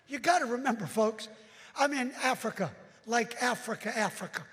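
Very high-voiced preacher in a reverberant hall. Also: male voice, moderate pace. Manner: animated, bursts into shouts, addresses folks directly. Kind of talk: storytelling sermon. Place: large hall with a balcony.

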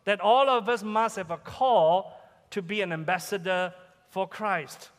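A man's voice: high voice, unhurried, long reverb tail. A man with a Malaysian English accent, a pastor preaching an emphatic sermon in church and repeating his key questions. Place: church sanctuary.

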